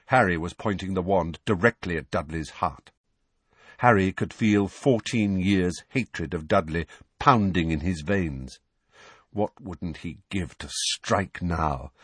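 A man narrating a novel aloud in expressive storytelling. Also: low-pitched, slightly rough, no room sound. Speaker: audiobook narrator. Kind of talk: scripted narration.

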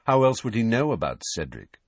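A man reads a novel aloud in expressive storytelling. His voice is low and husky. His reading moves through a wide, lively range of pitch. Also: fairly quick, no room sound, clean studio sound. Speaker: audiobook narrator. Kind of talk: scripted narration.

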